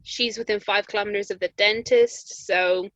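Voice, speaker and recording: A woman's voice: medium pitch, steady tone, normal speed, a bit bright, dry recording. A young Irish woman co-hosting a podcast, chatting casually and telling stories with lots of laughs. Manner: chatty storyteller, laughs often, acts out quotes. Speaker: podcast co-host. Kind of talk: casual chat. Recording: muffled podcast audio.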